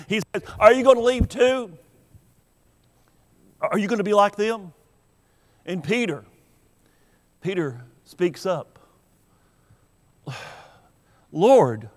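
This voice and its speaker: A man with a high voice preaches slowly and deliberately, leaning hard on key words and acting out the people he quotes. His voice rings out with a long hall reverb behind it. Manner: earnest, emphatic preaching, acting out quoted lines. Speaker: pastor. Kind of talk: sermon.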